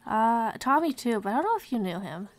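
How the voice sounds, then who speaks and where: A woman playing a tabletop game, speaking gently and casually in character. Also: on the high side, big pitch swings, brisk.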